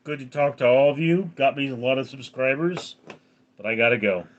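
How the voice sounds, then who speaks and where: A tired, yawning man hosting a casual livestream, talking in a drowsy, halting way and greeting viewers by name. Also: muffled recording. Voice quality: drowsy, low-key. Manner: slow, halting, reads out viewer names. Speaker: livestream host.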